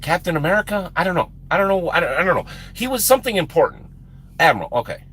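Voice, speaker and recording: Man streamer, high bright voice, swinging wildly in pitch, laughing storyteller, stumbles over words. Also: fast, breathy edge. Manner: excitable, laughing, acts out his own story; repeats and restarts words a lot. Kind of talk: animated storytelling on a live stream.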